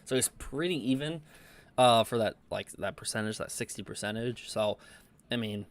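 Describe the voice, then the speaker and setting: A man with a mid-pitched voice giving reaction commentary on a video and reading out comments. He talks in a loose, halting way, full of ums and stuttered restarts. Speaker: commentary YouTuber.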